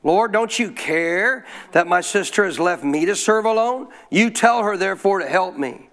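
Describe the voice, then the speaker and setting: High-voiced preaching man. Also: lively intonation, moderate pace, fairly bright tone. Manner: preaching with call-and-response, quoting scripture. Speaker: pastor. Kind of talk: sermon.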